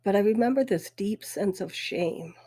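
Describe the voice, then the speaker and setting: A woman's voice: medium pitch, warm tone, slightly rough. Tearful woman telling a painful story. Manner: emotional, halting, voice breaking. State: weepy. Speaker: podcast host. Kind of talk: personal storytelling.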